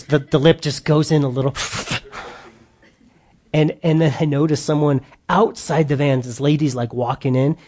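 A middle-aged man leading a humorous church parenting session for a live audience, telling stories and acting out his own outbursts. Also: mid-range voice. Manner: animated storyteller, acts out his own outbursts loudly. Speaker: parenting seminar speaker.

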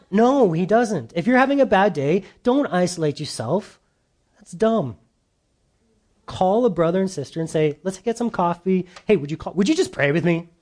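Middle-aged pastor guy, pretty high voice, chatty earnest sermon, trips over his words a bit. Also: a little mellow. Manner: conversational, earnest, self-interrupting.

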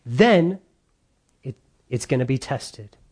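A man's voice: medium pitch, lively intonation, slow, a little mellow, breathy edge. A male pastor preaching a conversational sermon, repeating key lines for emphasis.

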